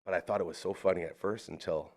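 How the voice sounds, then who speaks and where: A man tells stories in a relaxed podcast chat. His voice sits low, and he brings the story to life by acting out the other people in it. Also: fast talker. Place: studio of a live podcast.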